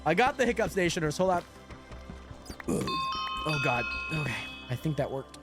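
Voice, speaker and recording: A young man live-streaming a game, chatting excitably to his viewers and greeting them by name, with lots of "like" and "hold on". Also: fairly high pitch, moderate pace, music in the background. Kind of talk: casual livestream chat while gaming.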